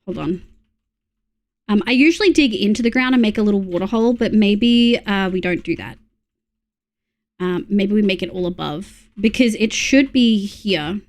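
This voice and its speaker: A young Australian woman streams a game with a mid-range, expressive voice at a moderate pace. She chats casually with her viewers, mutters to herself, and swears when something irritates her.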